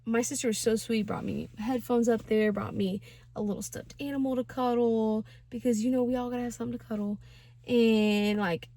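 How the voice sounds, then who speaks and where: A woman's voice: fairly high pitch, dark tone. A young woman in her twenties telling a personal story in a casual vlog, chatty and slangy with lots of fillers. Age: 20s. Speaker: vlogger.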